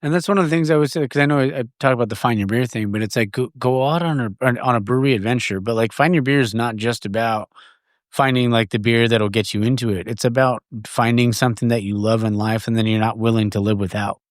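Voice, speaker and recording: A man's voice: medium pitch, fast, no room sound. A man hosts a casual podcast in a mid-range voice. He keeps the talk chummy, agrees often and swears freely. The sound is dry and close. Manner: chummy, frequent agreeing, profane. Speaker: podcast host.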